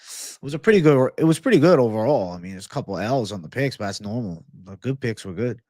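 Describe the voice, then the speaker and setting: Relaxed man chatting with viewers. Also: medium pitch, fast, dry recording, studio quality. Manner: relaxed, reading and answering chat. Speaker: livestream host. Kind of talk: casual chat with viewers.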